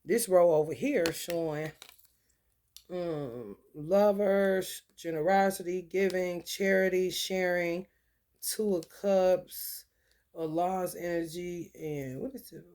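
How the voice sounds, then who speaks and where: A woman's voice: lowish voice, slow, darkish tone. A woman, telling blunt, profane stories and reading tarot cards in a casual talk. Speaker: tarot reader.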